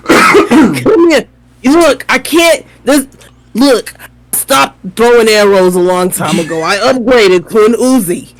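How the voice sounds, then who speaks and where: A man voicing an old, worn-out male baby cupid who jokes about guns, in a high put-on voice between laughs. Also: lively intonation, takes it slowly, a bit bright, full character voice, low-quality recording. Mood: mock-gruff.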